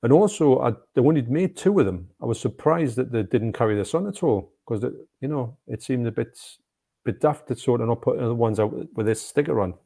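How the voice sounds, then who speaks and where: A man, co-hosting a casual film chat, enthusiastic and quick to laugh, often restarting his sentences. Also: mid-range voice, lively intonation, creaky, dark tone. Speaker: co-host.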